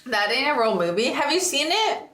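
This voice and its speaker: A woman's voice: sits high, big pitch swings, moderate pace, fairly bright tone, slight background noise. A young adult woman on a stream, chatting casually with plenty of laughing, slang and filler words. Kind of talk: casual chat. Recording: echoey room.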